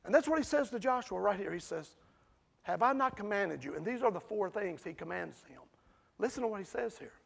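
A man preaching a sermon emphatically, swinging from hushed asides to near-shouting. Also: high voice, lively intonation, a little fast, gravelly, husky.

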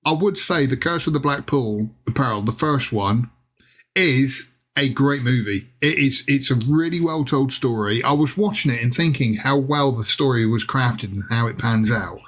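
A man with an English accent hosting a casual podcast chat, chatty, laughing often and filling pauses with many ums. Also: medium pitch, fairly bright tone. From England. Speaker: podcast host.

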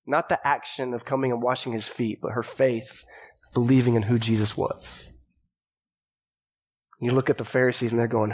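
A male pastor giving a sermon, telling stories from the Bible in a relaxed, chatty way. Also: medium pitch. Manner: conversational storytelling preaching. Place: church.

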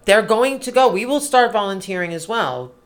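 A middle-aged woman co-hosting a podcast, talking in an animated, emphatic, casual way. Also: mid-range voice. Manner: animated, emphatic, quick asides. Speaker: podcast co-host. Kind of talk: casual political chat.

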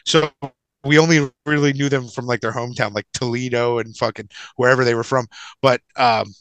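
A man's voice: mid-range voice, steady tone, a little fast, fairly bright tone, clean tone, no room sound, poor audio. A man telling a long anecdote on a casual podcast, rambling and profane, full of restarts and asides. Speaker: podcast co-host.

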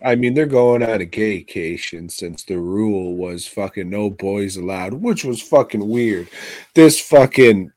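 Podcast co-host, male, low-pitched and unhurried, crude, sarcastic outbursts. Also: no room sound. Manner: profane, sarcastic, animated outbursts. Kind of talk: crude casual film chat.

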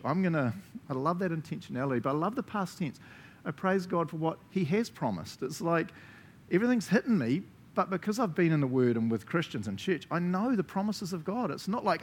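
A man with a New Zealand accent preaching a sermon as pastor, animated, laughing often and checking in with listeners with frequent "right?". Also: fairly high pitch, slight background noise.

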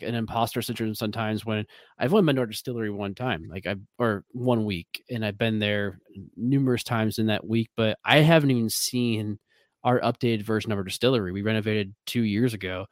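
Man, Midwestern accent, lowish voice, dry close sound, casual rambling chat. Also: a little fast, no echo. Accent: Midwestern American. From American Midwest. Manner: rambling, many fillers and restarts. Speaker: whiskey brand ambassador. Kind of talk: casual interview talk.

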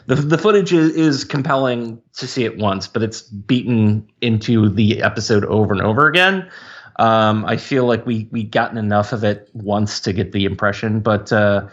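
A man talking casually as a podcast co-host, often stammering as he hunts for the right words. His voice sits on the low side and comes through dull, lo-fi audio. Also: normal speed. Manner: hesitant, stammering, searching for words. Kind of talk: casual film discussion.

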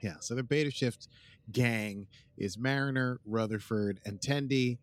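A man's voice: medium pitch, measured pace, no room sound. A man co-hosting a podcast, joking dryly in casual chat and recapping an episode's plot. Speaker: podcast co-host.

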